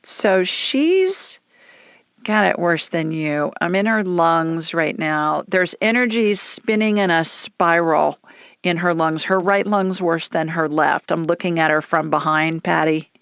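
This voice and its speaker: A woman's voice: lowish voice, takes it slowly, vocal fry, fairly bright tone, dry recording, dull audio. A woman hosting a psychic call-in radio show, chatty and down-to-earth, with folksy phrases. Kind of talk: call-in show, casual and reassuring.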